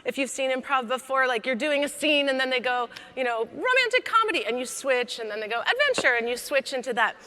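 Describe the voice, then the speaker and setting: A woman with a bright, fairly high voice gives a comedic keynote, chatty and playful, teasing the crowd as she goes. Her talk rings out with a long hall reverb. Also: fairly quick, few pauses. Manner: lively, conversational, joking with the audience. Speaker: keynote speaker. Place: large conference hall.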